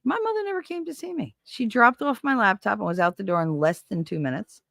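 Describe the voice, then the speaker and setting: A woman's voice: mid-range voice, lively intonation, a little fast, gravelly, a bit bright, no echo, studio quality. A woman hosting a casual livestream from home, seated at her computer and talking candidly and emotionally to her viewers, rambling and swearing now and then. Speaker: livestream host. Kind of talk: casual chat with live viewers.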